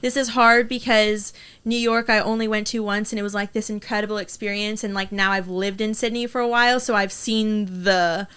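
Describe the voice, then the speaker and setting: An American woman guest on a podcast, chatting in an animated, chatty way. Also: mid-range voice, a little fast, clean tone. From United States. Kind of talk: casual chat.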